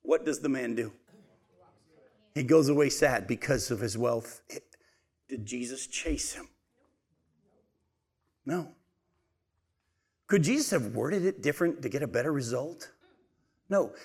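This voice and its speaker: A man's voice: mid-range voice, animated, measured pace, pauses often, darkish tone, slightly rough. A man preaching a sermon, asking his listeners questions and then answering them himself, and calling them folks.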